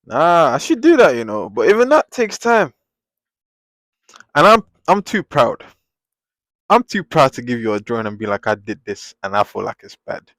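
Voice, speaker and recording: A man chatting casually on a live drawing stream, rambling and venting in animated bursts at a desk microphone at home. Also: mid-range voice, normal speed, dry recording, studio quality. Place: home, at a table.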